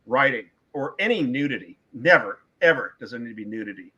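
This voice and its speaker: Emphatic middle-aged man, bright tone. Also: medium pitch, expressive, fairly quick, husky, low-quality recording. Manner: emphatic, opinionated, repeats words for stress. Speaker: author being interviewed. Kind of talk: casual podcast interview talk.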